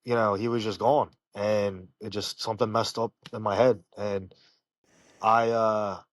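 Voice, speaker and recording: A man, a professional fighter, telling personal stories in an interview, halting and full of fillers and restarts. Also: on the low side, flat delivery, no echo. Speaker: professional fighter, podcast guest. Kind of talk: casual interview storytelling.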